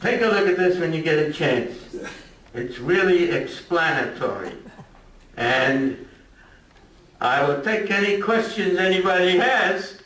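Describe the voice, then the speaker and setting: Slow-spoken older man lecturing. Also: high-pitched, expressive, a bit bright. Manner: chatty, joking asides to the audience. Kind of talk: informal history lecture. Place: lecture room at a retirement community. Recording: echoey room from a distant mic.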